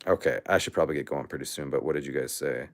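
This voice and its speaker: A man's voice: very deep voice, rapid-fire. A man hosting a casual livestream, out of breath and rambling with many restarts. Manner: rambling, animated, restarts often. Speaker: livestream host.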